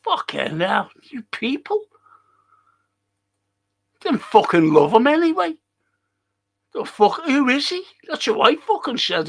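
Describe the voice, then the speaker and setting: Ranting man, high gravelly voice. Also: very animated, slow pace, pauses often. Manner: heated, heavy swearing, combative. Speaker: fan show host reading live chat. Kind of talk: angry live-stream rant.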